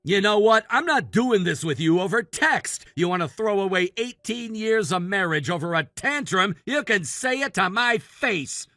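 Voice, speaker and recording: A man's voice: high voice, animated, normal speed, hardly any pauses, pushed and bright, dry recording, studio quality, faint music behind, full character voice. Synthetic male voice as an exasperated husband. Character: exasperated middle-aged husband and father. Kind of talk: text-message story narration.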